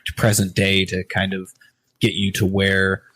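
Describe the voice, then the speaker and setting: A very low-voiced man co-hosting a laid-back podcast. He rambles, swears freely and often restarts his sentences mid-thought. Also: completely flat delivery, measured pace, a bit bright, breathy edge. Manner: rambling, profane, hesitant restarts. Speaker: podcast co-host. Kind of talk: casual podcast chat.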